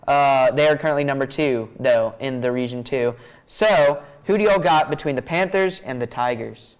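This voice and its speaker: A young man runs a school sports picks segment. His voice sits a little high and comes through smooth and clear. He talks in a chatty, easygoing way and laughs often. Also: low-quality recording. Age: young adult. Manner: chatty, laughs easily, says y'all. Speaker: student broadcast host. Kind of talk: pregame picks show hosting.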